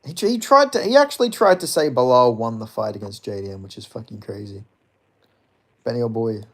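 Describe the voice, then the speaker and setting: A man's voice: mid-range voice, expressive, quick pace, fairly bright tone, breathy edge. A man in his twenties chatting casually with his live-stream audience, rambling and swearing as he reads chat. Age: 20s. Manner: profane, rambling, laughs often.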